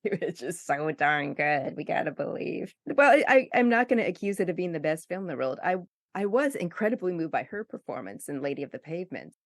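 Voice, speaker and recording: A woman's voice: sits low, big pitch swings, fairly quick, dry recording. A woman hosting an interview, conversational and eager, often thinking aloud. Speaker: podcast host. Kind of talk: podcast interview.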